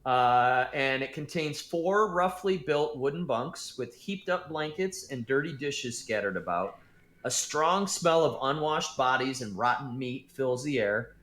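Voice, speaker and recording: A man's voice: mid-range voice, lively intonation, measured pace, a bit bright. Man narrating a tabletop game, echoey. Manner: loose, hesitant, many fillers and restarts. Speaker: game master.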